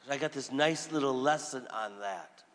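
A priest preaches in a conversational, storytelling way, acting out the people he quotes. His voice is bright and clear, and it rings with the long reverb of a church. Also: medium pitch, normal speed. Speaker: Catholic priest. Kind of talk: sermon.

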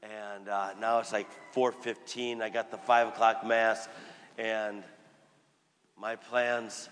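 A priest preaches in a conversational, storytelling way, acting out the people he quotes. His voice is bright and clear, and it rings with the long reverb of a church. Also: fairly low pitch, little pitch movement, slow, slight background noise. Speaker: Catholic priest. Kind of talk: sermon.

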